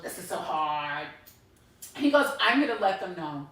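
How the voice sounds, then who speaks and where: Speaking at a normal pace in a lowish voice, this middle-aged podcast co-host chats and spins stories full of profanity, animatedly performing the quotes. The mic is far off and the room echoes.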